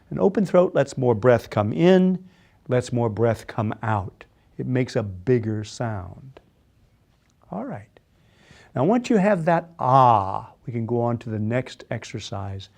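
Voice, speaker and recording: A man's voice: medium pitch, gravelly, a little mellow. A man leading a guided voice exercise class, patiently coaching and demonstrating yawns and sung tones. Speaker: voice and speech exercise instructor.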